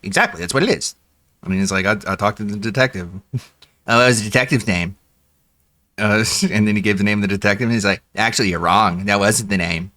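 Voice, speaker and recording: Brief: man, low voice, dry close sound, easy chat. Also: quick pace, no room sound. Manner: relaxed storytelling, laughs. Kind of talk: casual chat.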